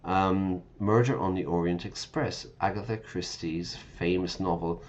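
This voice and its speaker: A man's voice: deep voice, fairly even intonation, a little slow. A man teaching English while streaming a game, chatting casually, correcting himself and explaining words as he goes.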